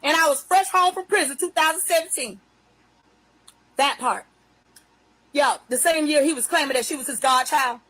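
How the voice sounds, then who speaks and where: Profane high-voiced woman ranting. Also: a bit bright, rough recording. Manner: profane, confrontational, drawn-out emphatic phrases. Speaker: livestream host. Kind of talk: unscripted livestream rant. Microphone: phone livestream.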